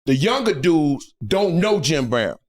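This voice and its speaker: Animated man telling stories. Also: on the high side, unhurried, faint music behind. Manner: lively, laughing, acts out the people in his stories. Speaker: guest comedian. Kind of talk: animated storytelling.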